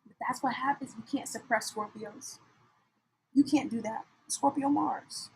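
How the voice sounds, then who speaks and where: A young woman giving a casual tarot reading, animated and blunt, swinging from soft muttering to loud outbursts. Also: a little high, a little slow, a little hiss or hum, poor audio. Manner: animated, swings from soft mutters to shouts, laughs often, swears. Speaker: tarot reader.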